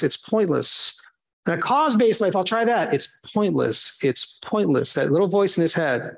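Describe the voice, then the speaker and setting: A man teaching a small Bible study group in a conversational way, acting out the voices he quotes. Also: gravelly. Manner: conversational, acts out quoted voices with big pitch jumps.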